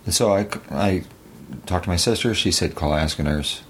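Tired podcast co-host, very low voice, dry and self-deprecating, faint hiss behind. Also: male voice, normal speed. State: tired, recovering from surgery. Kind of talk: casual podcast chat. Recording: faint background noise.

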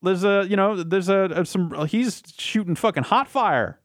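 A man's voice: sits high, no room sound. Man, casual anime recap, rambling and swearing, dry close mic. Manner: rambling, restarts, swearing, quick quoted bits. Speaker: podcast co-host.

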